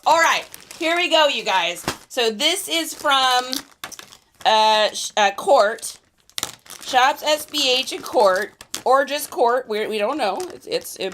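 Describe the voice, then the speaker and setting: A young adult woman hosting a casual livestream, chatty and excitable, laughing often. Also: on the high side, measured pace, a little hiss or hum. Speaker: reseller livestream host.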